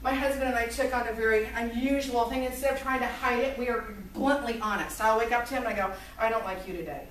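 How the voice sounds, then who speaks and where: A woman in her forties lecturing to a college class, telling a personal story in an animated way and acting out what people said. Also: a little high, quick pace, a little hiss or hum. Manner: lively, animated storytelling with acted-out quotes. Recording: echoey room, recorded from far off.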